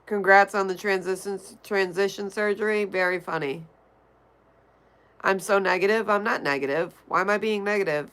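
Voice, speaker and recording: A woman's voice: mid-range voice, steady tone, moderate pace, a bit bright, clean tone. A woman streamer reading her chat aloud and answering it bluntly and offhandedly, vaping between remarks. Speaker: livestreamer. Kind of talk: casual chat reading viewer comments.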